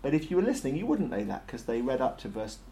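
A man preaches in a loose, conversational way. He hesitates often with ums and uhs. His voice sits at an ordinary middle pitch. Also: sing-song, fast, mellow, slight background noise. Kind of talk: sermon.

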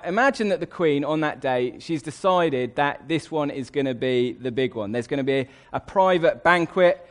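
A man delivers a sermon from a Bible passage. His voice sits a little high. He is emphatic and slows right down to stress the words that matter. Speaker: preacher.

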